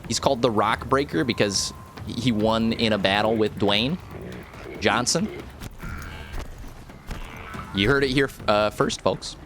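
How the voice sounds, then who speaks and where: A man's voice: lowish voice, a little slow, pauses often, fairly bright tone. A man from rural America, casually chatting with viewers while playing a game and joking around. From rural United States. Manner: joking, rambling, talks to chat. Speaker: streamer. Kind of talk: casual live gameplay commentary. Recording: faint music behind.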